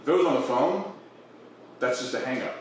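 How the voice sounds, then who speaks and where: A man telling a story in casual chat, relaxed and drawn out. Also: medium pitch, brisk, slight background noise. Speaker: podcast co-host. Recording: very echoey room from a distance.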